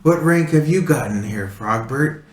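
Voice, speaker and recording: A man voicing an old village master who speaks quietly and formally, with measured words. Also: medium pitch, animated, pitched above the performer's own voice, lightly acted. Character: old male village master, calm and stern. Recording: roomy with faint noise.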